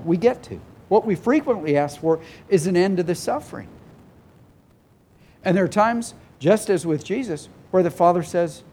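Male pastor, sermon, earnest and emotional, lively high voice. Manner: emotional, tearful at times, earnest; emphatic repetition, voices God and people in quotes.

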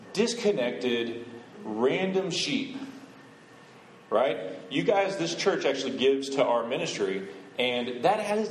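A man's voice: medium pitch, a little hiss or hum. Man preaching in an echoey room. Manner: conversational, asks the congregation questions. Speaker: missionary guest speaker. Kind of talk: sermon. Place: church.

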